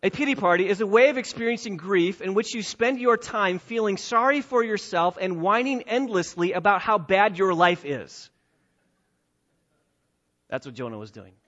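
A man preaching a sermon as a pastor, emphatic, moving between quiet asides and raised lines. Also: high-pitched, expressive, moderate pace. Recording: slightly dull lo-fi sound.

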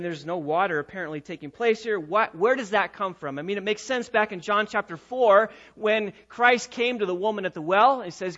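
A man preaching a sermon as pastor, swelling from quiet teaching to loud, passionate proclamation. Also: high voice, muffled recording. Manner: preaching with rising and falling intensity, sometimes loud.

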